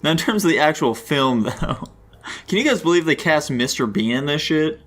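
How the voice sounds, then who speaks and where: A man's voice: on the high side, expressive, moderate pace, faint music behind. A young man leading a casual podcast chat, asking questions in a teasing way and making crude jokes. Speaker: podcast co-host.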